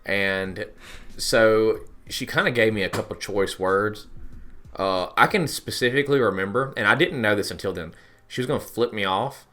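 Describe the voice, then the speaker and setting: A man's voice: lowish voice, moderate pace, fairly bright tone. A young man co-hosting a podcast, telling stories in a blunt, joking way during a casual chat. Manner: storytelling, jokey, blunt. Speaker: podcast co-host.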